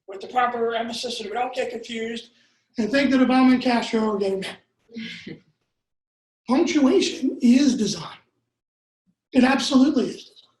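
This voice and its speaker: In an echoey, seminar-style room, a copywriting workshop instructor lectures his live audience in a high, light voice. He jokes constantly, drifts off into asides and asks rhetorical questions.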